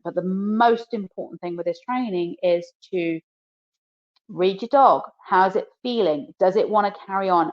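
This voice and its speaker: Woman dog trainer, lo-fi webinar audio. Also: fairly low pitch. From New Zealand. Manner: practical, direct coaching with a working dog.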